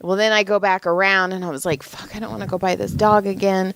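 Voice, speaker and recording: A young adult woman co-hosting a podcast, telling a story in casual chat with lively acted-out quotes and frequent swearing. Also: medium pitch, quick pace, no room sound. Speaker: podcast co-host.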